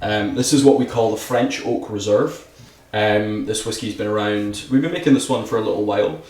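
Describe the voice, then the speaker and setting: A man's voice: lowish voice, normal speed, darkish tone, roomy sound, far from the mic, a little hiss or hum. A Scottish man talking about whisky as a podcast guest, eager, saying "absolutely" a lot and talking with his hands. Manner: enthusiastic, talks with his hands, says "absolutely" often. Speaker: distillery ambassador guest. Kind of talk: podcast conversation. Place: podcast studio.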